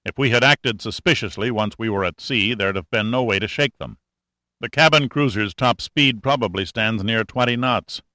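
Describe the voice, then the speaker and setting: A man's voice: lowish voice, moderate pace, pushed and bright, no room sound. A man voicing a cool, sarcastic male adventurer in an audiobook, speaking in a dry, matter-of-fact way. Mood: explaining.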